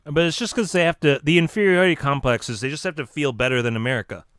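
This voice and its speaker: Smooth-voiced man joking on a live stream. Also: a little high, a bit bright, no room sound, clean studio sound. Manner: joking mock-serious lecturing, halting restarts. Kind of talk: casual live stream rambling.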